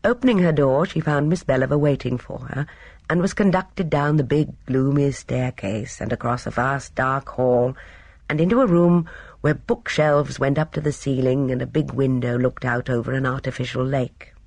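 An audiobook narrator reading a story in a measured, even manner. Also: medium pitch, no room sound. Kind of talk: scripted narration.

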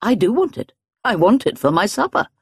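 A woman voicing a blunt, eccentric elderly spinster in an audiobook, with a brisk, imperious manner. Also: mid-range voice, big pitch swings, darkish tone, slightly rough, no room sound, studio quality, voice pushed up, heavily acted. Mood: sharp. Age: older. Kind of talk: audiobook character voice.

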